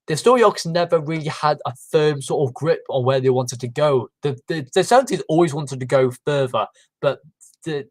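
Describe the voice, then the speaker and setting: A man's voice: on the high side, no room sound, rough recording. A man hosting a casual livestream, rambling with many fillers and restarts. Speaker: livestream host. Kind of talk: casual chat.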